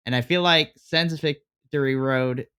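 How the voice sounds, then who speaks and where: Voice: medium pitch, unhurried, fairly bright tone, smooth. A podcast co-host in casual chat, laughing often and walking through storylines step by step. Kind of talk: casual wrestling review chat.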